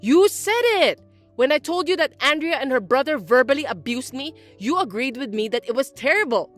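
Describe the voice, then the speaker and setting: A woman's voice: sits high, expressive, fairly quick, a bit bright, faint music behind. A woman voicing an overbearing older mother-in-law who nags, accuses and pities herself. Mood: indignant. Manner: accusing, nagging, self-pitying. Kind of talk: audio drama acting.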